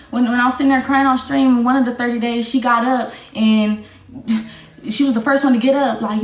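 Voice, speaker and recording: A woman's voice: on the high side, a little fast. A young woman streamer, ranting bluntly and defiantly, swearing and repeating herself. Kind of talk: livestream rant. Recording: echoey room with faint music.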